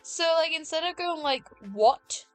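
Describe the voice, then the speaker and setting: A woman's voice: sits high, animated, a little slow, a bit bright, soft background music. A woman whose accent mixes British and American, hosting a stream in rambling, filler-heavy casual chat. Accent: mixed British and American. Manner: chatty, rambling, many fillers. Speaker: streamer host.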